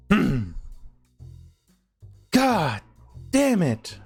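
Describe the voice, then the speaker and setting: A man's voice: high-pitched, huge pitch swings, slow, pauses often, husky, faint music behind. A man hosting a commentary channel, reading news quotes aloud and breaking in with sarcastic asides.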